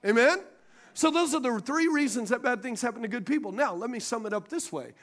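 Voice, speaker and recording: A man's voice: very high voice, fairly quick. A man preaching a sermon as pastor, calling out questions to the congregation and laughing at his own stories. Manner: animated preaching with call-and-response questions to the congregation.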